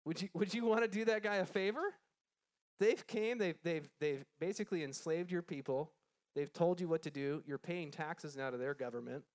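Speaking at a normal pace in a slightly high voice, this man leads a group Bible lesson. He reads passages aloud, then talks through them casually, putting questions to the group and frequently starting over mid-sentence.

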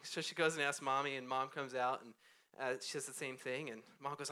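This pastor, in his thirties, speaks close into a handheld or stand microphone during an informal, conversational sermon on a church stage. His fairly high voice is fast, pushed, bright and smooth with fairly even intonation, and he often laughs while teasing himself.

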